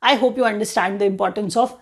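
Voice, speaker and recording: A woman's voice: medium pitch, quick pace. A woman with an Indian English accent teaching an exam-prep current affairs lesson in a chatty way, often saying "you know".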